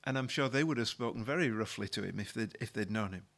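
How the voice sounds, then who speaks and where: A man's voice: on the low side, quick pace, gravelly, fairly bright tone. A male pastor preaching a sermon, retelling a story in a conversational way and often repeating words as he restarts a thought.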